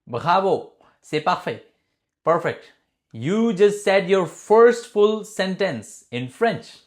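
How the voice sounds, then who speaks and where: Man, French teacher, high voice, slow patient delivery, repeats phrases, encouraging. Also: very animated. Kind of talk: beginner language lesson.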